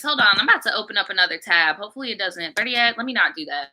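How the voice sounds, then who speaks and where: Woman vlogger w a really bright slightly high voice, blunt n slangy, cussing a lot. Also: expressive, poor audio. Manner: blunt, slangy and profane, quick to laugh. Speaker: storytime YouTuber reading viewer stories. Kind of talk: casual storytime commentary.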